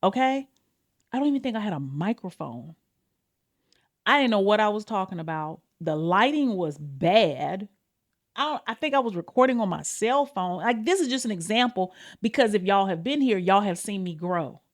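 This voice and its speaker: Candid and casual, this woman hosts her own podcast, addressing her audience directly as y'all and swearing without hesitation. She speaks at a normal speed, expressively, her pitch and tempo shifting a lot.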